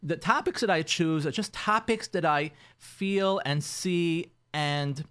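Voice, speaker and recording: A man, a rabbi hosting a radio show, talks through marriage advice in an animated way, often repeating himself and acting out what spouses say. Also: on the high side, slow, smooth.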